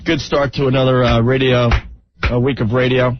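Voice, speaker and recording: A man's voice: medium pitch, level tone, moderate pace, noisy background. A man hosting a radio show, bantering loosely and reading out listener messages. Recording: dull lo-fi radio broadcast recording.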